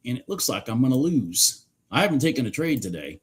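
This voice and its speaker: A man's voice: medium pitch, very animated, moderate pace, few pauses, a bit bright, husky. A man giving live trading commentary on a stream, exasperated, swearing and talking straight at the chart. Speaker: livestream day trader.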